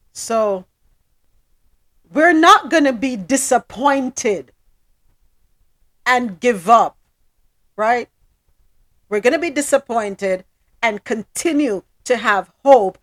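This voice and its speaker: A woman leads a casual panel chat with a lifted pitch that swoops up and down expressively. She is emphatic and preachy, repeating lines for weight. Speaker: podcast co-host.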